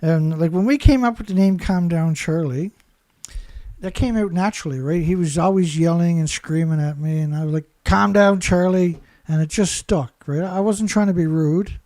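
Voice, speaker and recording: A man's voice: on the high side, normal speed, warm tone, dry recording. A man commentating alone in a sarcastic, mocking way, firing off rhetorical questions, laughing and leaning hard on key words. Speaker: environmental commentator.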